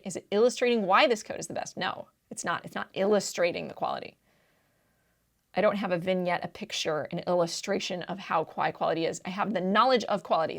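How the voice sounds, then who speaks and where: Gravelly-voiced woman tutoring test prep. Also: lowish voice. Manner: emphatic, keeps checking in with "right?"; casual, slangy teaching talk. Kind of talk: explaining reading test answers.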